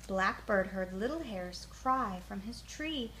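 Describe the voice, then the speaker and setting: A woman gently reading a children's picture book aloud in a soothing bedtime manner. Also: mid-range voice, animated, slow, a little hiss or hum, low-quality recording. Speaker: storyteller.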